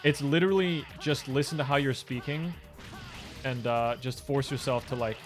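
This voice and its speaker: Young male streamer at mid pitch, casual and profane with faint game music behind him. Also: normal speed. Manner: casual, profane, chatty with viewers. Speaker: speedrunner streaming. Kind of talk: live gaming stream chat.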